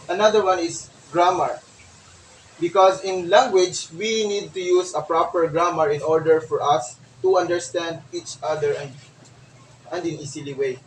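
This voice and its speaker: A young man with a Filipino accent giving a class report, explaining each point slowly with examples and many fillers. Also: a little high. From Philippines. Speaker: student reporter. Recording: roomy, from far off, faint noise.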